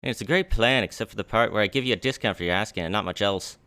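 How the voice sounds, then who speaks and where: A man's voice: fairly low pitch, rapid-fire, sharp tone, clean tone, no room sound. A man voicing a coarse, scheming middle-aged merchant who swears and talks with a vague put-on accent. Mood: sly.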